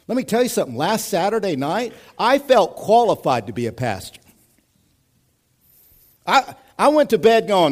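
A male pastor giving a conversational sermon, talking straight to the congregation and swinging from loud urgent peaks to quiet asides. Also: high voice, sing-song, fairly quick. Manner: conversational preaching, addresses congregation directly. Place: church.

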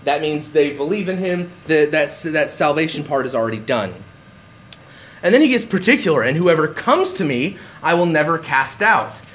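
A man's voice: fairly high pitch, sing-song, normal speed, fairly bright tone. A man preaching a sermon, emphatic and repeating words for stress. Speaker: pastor.

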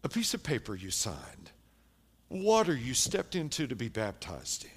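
A man preaching a sermon, telling a story with lively shifts between hushed and loud delivery. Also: mid-range voice, normal speed, breathy edge. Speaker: pastor.

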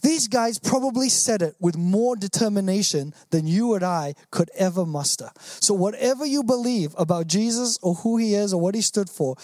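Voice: medium pitch, mellow, no room sound, clean studio sound. A preacher giving an earnest, emphatic sermon, acting out the quoted lines in different voices.

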